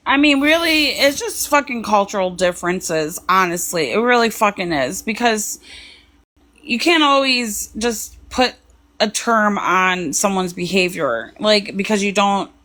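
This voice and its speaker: A woman's voice: mid-range voice, lively intonation, measured pace, pushed and bright. An argumentative woman pushing back in a livestream debate.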